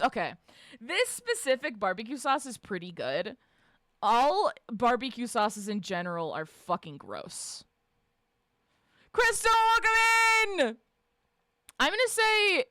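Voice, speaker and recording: Animated, swearing woman streamer. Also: mid-range voice, no echo, studio quality. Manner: animated, swears freely, laughs often, shouts greetings to chat. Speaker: livestreamer reading and answering chat. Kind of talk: casual livestream chat.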